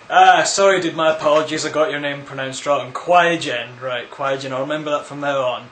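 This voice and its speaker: A man's voice: a little high, fairly quick, hardly any pauses, crowd noise. A man answering viewer questions in a casual, rambling vlog, full of crude, absurd jokes. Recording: echoey room.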